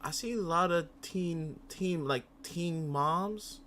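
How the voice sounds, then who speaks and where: A man's voice: fairly high pitch, slow pace, a bit bright, a little hiss or hum. A young man hosting a reaction channel, talking casually in a rambling way, often repeating himself and swearing.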